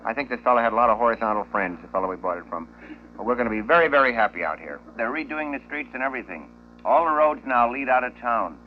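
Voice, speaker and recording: A comedian from San Francisco trading deadpan one-liners in a radio interview, on a dull 1960s recording with faint hum. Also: male voice, medium pitch, fast talker. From San Francisco, California. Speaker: comedian guest. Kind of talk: joke-telling radio interview.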